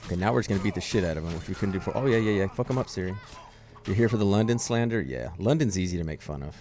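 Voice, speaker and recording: A man's voice: low-pitched, animated, racing, a little mellow. A man casually joking and rambling as he plays through a game, swearing now and then. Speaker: streamer playing a game mod. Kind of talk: casual gaming commentary. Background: faint game music.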